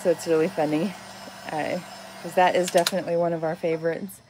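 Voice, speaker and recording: A woman in her thirties from north central Texas, with a softened Texas accent, chatting casually with viewers while she works on epoxy cups. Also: lowish voice, level tone, fairly quick, background noise. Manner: chatty, rambling, reacts to chat comments. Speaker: crafter making epoxy cups. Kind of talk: casual chat while crafting.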